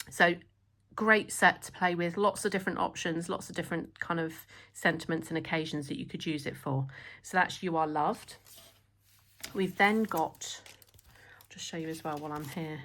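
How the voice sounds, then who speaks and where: A woman with a slightly hoarse voice, walking through a craft product demo in a chatty, enthusiastic way. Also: lowish voice, a bit bright. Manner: chatty, enthusiastic, many fillers. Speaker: stamp designer presenting new products.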